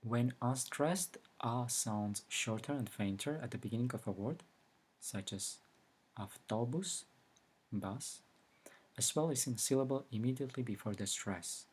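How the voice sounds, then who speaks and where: A man giving a recorded language lesson, explaining slowly and carefully with example words. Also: medium pitch, darkish tone, slightly rough. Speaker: language teacher.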